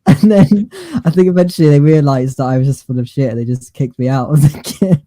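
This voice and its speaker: A man co-hosting a podcast, telling stories in a halting, rambling way with many fillers and restarts. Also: a little high, warm tone, no echo. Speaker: podcast co-host. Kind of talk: casual chat.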